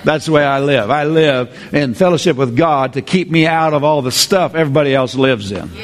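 Man preaching a sermon, fairly high voice, lively and repetitive, calls out to the congregation. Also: a little fast. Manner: lively preaching with call-and-response, repeats phrases.

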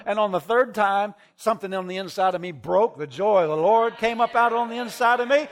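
Middle-aged male preacher, slightly high voice, sermon storytelling, drops quiet then shouts. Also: fairly quick. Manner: animated, swings from hushed to shouting. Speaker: traveling preacher.

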